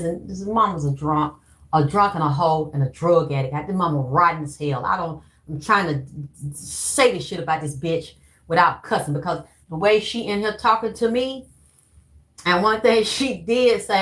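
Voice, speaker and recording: A woman's voice: on the low side, fairly bright tone. Rambling, profane woman vlogger. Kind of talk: casual monologue.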